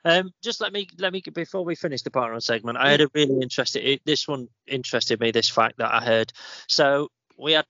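A man co-hosts a relaxed podcast, chatting and recounting stories in a casual way. His voice is bright and forceful. The sound is dry and somewhat dull. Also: mid-range voice, brisk, no echo. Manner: chatty storyteller. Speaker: podcast co-host. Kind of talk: casual chat. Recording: slightly muffled dry recording.

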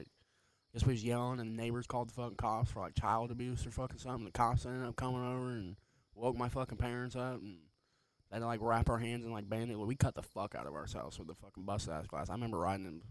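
A man's voice: lowish voice, fast talker, a little hiss or hum. A young man co-hosting a podcast, telling rambling, profane stories in casual chat. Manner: rambling, heavy profanity, animated storytelling. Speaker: podcast co-host.

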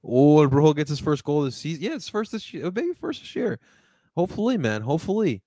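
A man hosting a casual sports talk show, chatting in a loose, animated, slangy way. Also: a little high, a little fast, no room sound.

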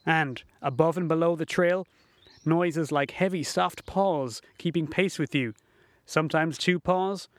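A man's voice: on the high side, no echo. Man reading a folksy tale aloud. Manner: folksy, unhurried storytelling. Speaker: narrator. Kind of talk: first-person storybook reading.

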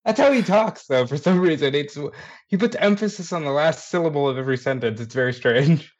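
A man co-hosting a casual chat, making blunt and emphatic points. His voice sits somewhat high. The recording sounds dull and lo-fi. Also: a little fast. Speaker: podcast co-host.

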